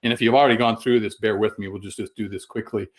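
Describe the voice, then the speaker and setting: Middle-aged man, fairly low voice, folksy and halting, webinar over a video call. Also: fairly even intonation. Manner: folksy, halting, many fillers and restarts. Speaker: guest sales trainer. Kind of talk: webinar presentation.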